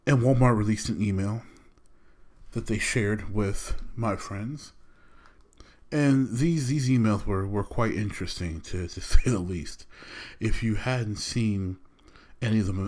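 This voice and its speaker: A young man hosts his own podcast in a loose, slangy, animated way. His voice sits low and relaxed as he vents about his gripes. The delivery is casual and talkative. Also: measured pace. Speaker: podcast host.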